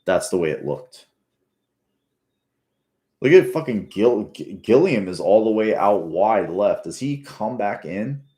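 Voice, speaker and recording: A man's voice: lowish voice, big pitch swings, a little slow, long pauses, dark tone. A man giving casual, rambling, profane commentary while rewatching a football game. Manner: rambling, profane, restarts often. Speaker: sports fan commentator.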